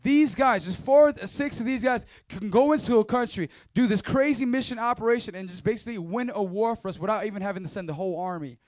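A man's voice: sits high, quick pace, hardly any pauses, a little mellow, no echo. A man speaking as a youth pastor, giving a casual, slangy sermon and talking straight to the crowd.

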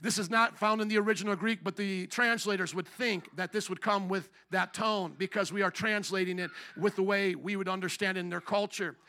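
Male pastor mid sermon, higher voice, keeps asking the room how many know, punchy. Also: fairly even intonation, brisk, hardly any pauses, sharp tone. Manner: rhetorical questions to the congregation, emphatic.

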